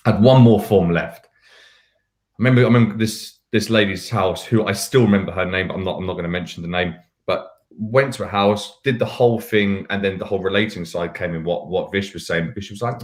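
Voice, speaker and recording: A man's voice: sits low, a little fast. A man from the UK, a podcast panelist, telling candid, rambling anecdotes with self-mocking asides in casual chat. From United Kingdom.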